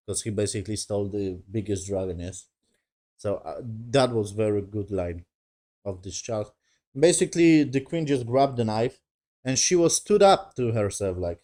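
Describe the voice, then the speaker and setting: A man casually recapping and reviewing a TV episode, talking loosely and swearing, with non-native English grammar and quick mimicry of the characters. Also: mid-range voice, a little mellow. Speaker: TV show reviewer.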